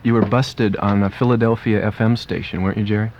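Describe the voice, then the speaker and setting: A man hosting a casual radio interview as disc jockey, chatty and quick with fillers and restarts, in a radio studio. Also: lowish voice, fairly even intonation, slight background noise. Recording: dull lo-fi archival radio tape.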